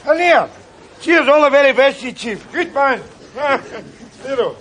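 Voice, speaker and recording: A man's voice: very high-pitched, expressive, measured pace, a bit bright, heavily acted. An actor playing a boastful Glaswegian man on holiday, chatty and laughing in a sitcom. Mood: cheeky. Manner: boastful, chatty, laughing, full of "you know" and "eh". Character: cocky Glasgow man on a sunny holiday. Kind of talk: sitcom acting.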